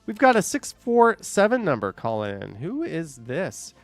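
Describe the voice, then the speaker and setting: A man's voice: a little high, huge pitch swings, moderate pace, no echo, faint music behind. Chatty male live-stream host. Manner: chatty, laughs often, reads chat aloud. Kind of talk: casual live-stream chat with callers.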